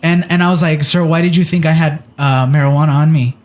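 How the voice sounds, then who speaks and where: A man's voice: on the high side, fairly even intonation, fast, darkish tone. A man co-hosting a podcast, telling a story in casual chat and acting out the quotes with animation. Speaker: podcast co-host.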